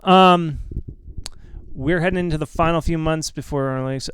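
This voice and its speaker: A man hosting a casual live Q&A, blunt and reassuring, often repeating himself with quick asides. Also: a little high, a bit bright, a little hiss or hum. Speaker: host answering viewer questions.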